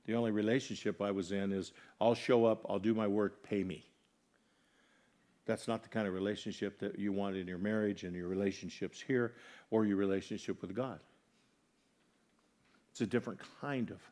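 A man preaching a sermon, earnestly putting questions to his congregation and moving between loud, emphatic lines and soft, quiet ones. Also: fairly low pitch, fairly even intonation, normal speed, pauses often. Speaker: pastor.

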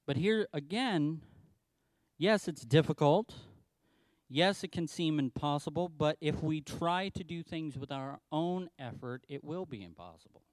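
Lively preaching man with a smooth voice. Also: on the high side, measured pace, dry recording. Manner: animated storytelling, acting out quotes. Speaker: pastor. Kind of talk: sermon.

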